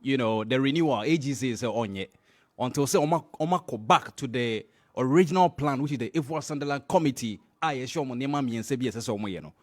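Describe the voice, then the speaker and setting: A man's voice: medium pitch, fast, darkish tone. A middle-aged man with a Ghanaian accent hosting a morning radio show, running news commentary and switching between English and Twi as he talks.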